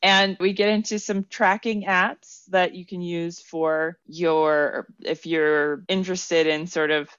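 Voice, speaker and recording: A woman's voice: lowish voice, fairly even intonation, slow, hardly any pauses, a bit bright, clear, resonant tone, no echo, muffled recording. A woman co-hosting a podcast, chatting casually while she cooks and explains the steps plainly, with some hesitant restarts. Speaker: podcast co-host. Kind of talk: casual chat while cooking.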